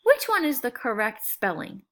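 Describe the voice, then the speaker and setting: A woman teaching a phonics lesson to young students, sounding out words slowly and clearly in a friendly, coaxing way. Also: a little high, big pitch swings. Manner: slow, clear, exaggerated sound-outs.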